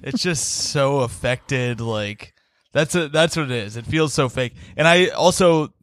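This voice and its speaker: A man's voice: mid-range voice, a little slow, a bit bright. Rambling man podcast co-host. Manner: rambling, hesitant, laughs easily. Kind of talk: casual chat.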